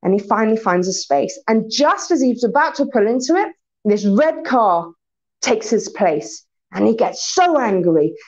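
A woman's voice: a little high, normal speed, dull audio. Woman telling a story in a community talk. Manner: animated storytelling. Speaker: speaker.

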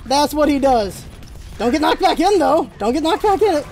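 A gaming channel host giving live gameplay commentary, excitable and firing off rapid callouts to teammates. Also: high-pitched.

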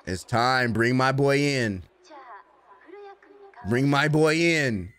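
A young man hosting an anime reaction, casual and slangy, swinging from low grumbling to loud cheering as he talks to the screen. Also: animated, extremely slow. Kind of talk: excited reaction commentary.

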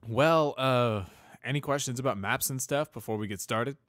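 A man's voice: fairly low pitch, fairly quick, a bit bright, dry recording, clean studio sound. A man voicing a cheerful, eager young male pegasus navigator in a fan storybook reading. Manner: upbeat, eager, talkative.

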